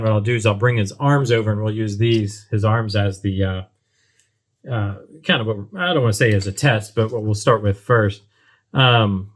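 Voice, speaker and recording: A man casually talking through a model kit build at his workbench, thinking aloud with frequent ums and restarts. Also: medium pitch. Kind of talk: casual build tutorial talk. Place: workbench at home.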